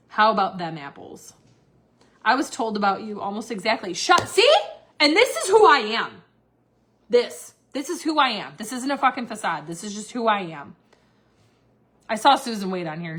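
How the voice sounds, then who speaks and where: A woman's voice: medium pitch, fairly bright tone, husky. A young woman talking candidly on a livestream, blunt and filler-heavy, swearing freely. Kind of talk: candid casual livestream rant.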